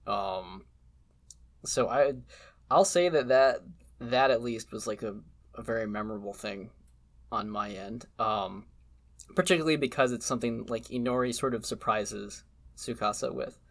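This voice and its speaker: A man's voice: medium pitch, moderate pace. A man co-hosting a podcast, speaking hesitantly with ums and restarts in casual review chat. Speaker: podcast co-host.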